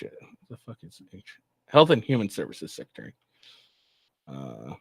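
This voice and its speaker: A man's voice: mid-range voice, dry recording, studio quality. A man hosting a political commentary vlog, ranting in a mocking, profane way. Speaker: host.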